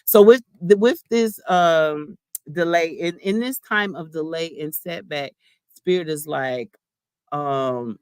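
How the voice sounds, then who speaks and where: A woman's voice: low voice, takes it slowly, darkish tone, clear, resonant tone, dry recording. Brief: woman, chatty spiritual card reader, slangy, addresses viewers directly, dry close sound. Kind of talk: casual spiritual card-reading chat.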